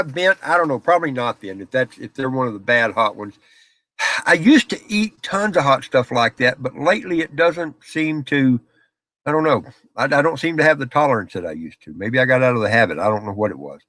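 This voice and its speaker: A middle-aged man with a drawl talks casually to viewers on a live stream from a small back office, spinning folksy stories and laughing along with the chat. His voice sits at an ordinary pitch, and the sound is dry, with very little room echo. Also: sharp tone. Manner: folksy storyteller, laughs often.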